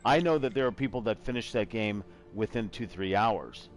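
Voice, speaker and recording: A man's voice: fairly low pitch, moderate pace, soft background music. A middle-aged man hosting a casual gaming chat show, talking in a rambling, self-deprecating way. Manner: rambling, self-deprecating, slips into a joking put-on accent. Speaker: podcast host.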